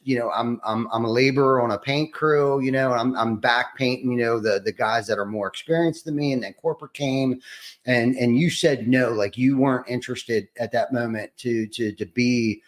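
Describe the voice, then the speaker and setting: A man hosting a podcast, asking long, rambling questions with many restarts. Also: mid-range voice. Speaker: podcast host. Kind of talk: casual interview questions.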